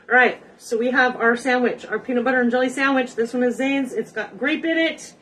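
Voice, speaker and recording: A woman's voice: a little high, brisk, few pauses, fairly bright tone. Rambling cooking show lady in her home kitchen, jokey asides, mic kinda far off, light hum behind. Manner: chatty, rambling, joking asides to viewers. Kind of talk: casual cooking demonstration. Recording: distant mic with faint background noise.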